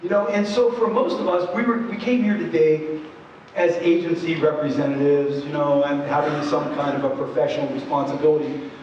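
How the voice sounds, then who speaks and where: Male presenter, higher voice, earnest conversational storyteller; dull, distant recording in a large hall. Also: fairly even intonation, brisk, darkish tone, slight background noise. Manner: earnest, many asides and "you know"s.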